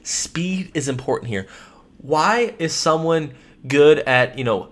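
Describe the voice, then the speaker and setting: Guy coaching phone sales, fairly high voice, pushy and emphatic, says the same point twice. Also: lively intonation, takes it slowly. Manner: emphatic, repeats key words. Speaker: life insurance sales trainer. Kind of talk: sales training lesson.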